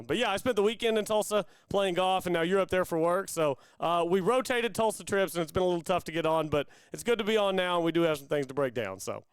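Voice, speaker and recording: A man's voice: on the high side, smooth, dry recording. A man, co-hosting a sports podcast from a playroom at home over a call, easygoing and chatty. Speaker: podcast co-host. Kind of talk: casual sports podcast chat. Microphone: remote call.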